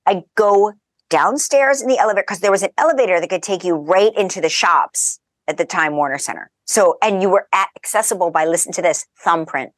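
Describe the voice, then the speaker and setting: A woman as a podcast guest, telling lively anecdotes in casual chat and laughing as she goes. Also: fairly low pitch, fairly quick, no echo. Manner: animated, chatty, laughs through her stories.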